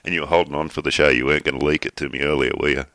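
A man's voice: rumbling low, steady tone, rapid-fire, pushed and bright, no echo. An Australian man co-hosting a podcast, telling stories in an easygoing, rambling casual chat. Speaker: podcast co-host.

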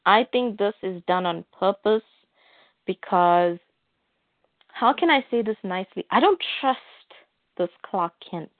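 A woman's voice: medium pitch, animated, a little slow, dry recording. A woman hosting a casual comic book recap, chatty and retelling panels with asides. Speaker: comic book podcast host. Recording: tinny phone-like dry audio.

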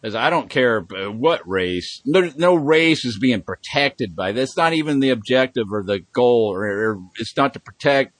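A man's voice: medium pitch, animated, moderate pace, hardly any pauses, a bit bright, no room sound. A man hosting a podcast in casual chat, rambling and swearing with emphatic bursts. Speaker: podcast host.

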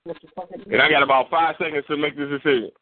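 Brief: quick, slightly high man, profane storyteller, dry tinny phone-like audio. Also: no echo. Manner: profane, animated, acts out quoted voices. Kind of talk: casual chat, storytelling.

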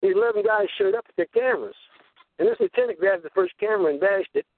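At a quick pace and in a high voice, an older man hosting a conspiracy talk radio show tells long, rambling tales, acting out the people he quotes. No room sound, but the audio is tinny like a phone-line radio feed.

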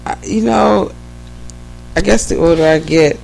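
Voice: mid-range voice, a little slow, vocal fry, darkish tone, a little hiss or hum, rough recording. A podcast co-host in casual chat, joking and teasing.

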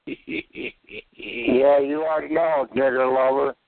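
A man heckling with short, abusive shouts over a phone line. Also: medium pitch, fairly even intonation, slow pace, gravelly. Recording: dry tinny phone line.

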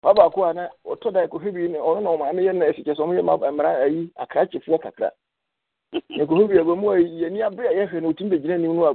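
A man's voice: fairly high pitch, quick pace, slightly rough, dry recording. Older man on a tinny phone line. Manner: storytelling, mixing English words into his speech. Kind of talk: reminiscing casual chat.

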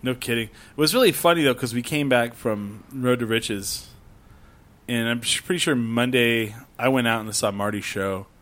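A man's voice: medium pitch, moderate pace, fairly bright tone. A man co-hosting a casual podcast, telling stories with lots of swearing and acted-out quotes. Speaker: podcast co-host. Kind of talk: casual chat.

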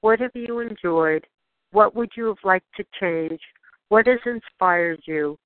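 A woman leading a channeled spiritual guidance session, speaking in gentle, questioning prompts to the listener. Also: mid-range voice, a little slow, no room sound. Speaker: spiritual guide. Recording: dry, tinny phone-like sound.

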